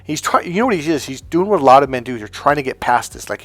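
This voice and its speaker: A man's voice: medium pitch, lively intonation, fast, a bit bright, soft background music. A man and dating coach telling a casual anecdote in a rambling, profane way, with many restarts.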